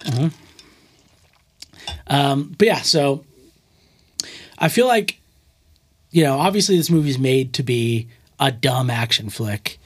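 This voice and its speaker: A man's voice: mid-range voice, slow, long pauses, husky. A young man hosting a casual movie-review podcast, joking and swearing with lots of fillers. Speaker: podcast host.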